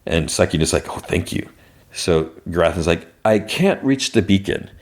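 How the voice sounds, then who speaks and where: A man with a low, deep voice recaps a show's episode in a loose, chatty way. He slips into quick, lightly acted versions of the characters' lines, often jumping higher for excited or alarmed quotes. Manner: animated retelling, lightly acting each character's lines. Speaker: podcast host.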